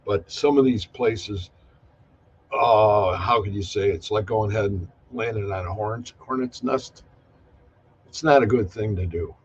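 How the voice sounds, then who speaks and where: A man guest recounting his memories in a plain, slightly halting storytelling manner. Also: lowish voice, breathy edge, muffled recording. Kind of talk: casual interview, recounting memories.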